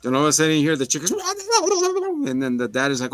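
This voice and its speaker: A man co-hosting a casual show, retelling a movie plot with lots of swearing and quick put-on voices. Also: on the high side, no echo, faint music behind. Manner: animated storyteller, acts out voices, swears. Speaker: podcast co-host. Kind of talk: casual chat, movie recap.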